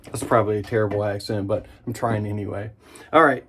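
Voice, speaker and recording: A man in his thirties hosting a casual shaving vlog at his bathroom sink, relaxed and enthusiastic, humming in approval. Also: on the low side, fairly quick, a little hiss or hum. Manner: relaxed, enthusiastic, chatty with small hums of approval. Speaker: wet shaving channel host. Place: home bathroom at the sink, indoors.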